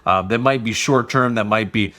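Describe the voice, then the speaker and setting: A man's voice: on the low side, normal speed, bright, forceful tone. A middle-aged man hosting a solo business podcast, rambling through anecdotes and acting out the people he quotes. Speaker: podcast host and restaurant business coach. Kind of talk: casual solo podcast talk.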